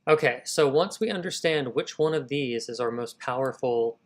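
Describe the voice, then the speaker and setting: At medium pitch and a moderate pace, the man leads a live writing stream, working through ideas aloud with plenty of energy and casually greeting his audience as "y'all."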